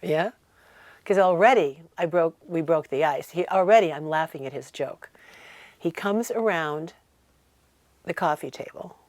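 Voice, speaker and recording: An older woman telling an animated, emphatic story in a low-pitched, dry voice. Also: measured pace, long pauses, dry recording. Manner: animated, emphatic storyteller who acts out quotes. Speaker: interview guest. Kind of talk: conversational storytelling interview.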